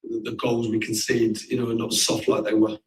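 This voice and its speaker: Flat measured male football manager. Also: on the low side. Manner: measured, plain-spoken. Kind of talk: post-match interview. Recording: distant mic.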